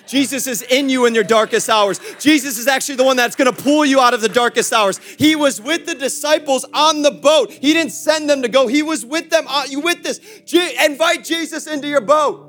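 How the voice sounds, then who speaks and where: Male preacher, very high voice, fiery and playful, soft music underneath. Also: a little fast, few pauses. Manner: impassioned preaching with sudden shifts from shouting to hushed; playful asides to the congregation. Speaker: pastor. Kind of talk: sermon.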